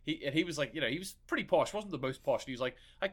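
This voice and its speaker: A man's voice: fairly high pitch, expressive, very fast. A man co-hosting a podcast in casual, rambling chat, swearing freely. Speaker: podcast co-host.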